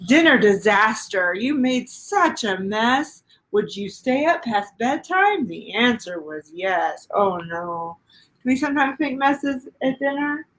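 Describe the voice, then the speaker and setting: A middle-aged woman pastor reading a children's picture book aloud, gentle and sing-song, pausing to ask the little ones questions. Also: on the high side, very animated, poor audio.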